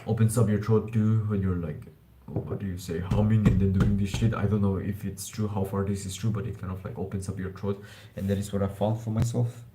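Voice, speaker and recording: A man's voice: fairly low pitch, little pitch movement, brisk, background noise. A man streaming live about self-improvement, talking in a loose, rambling way, calling listeners bro and swearing now and then. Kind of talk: casual live-stream talk.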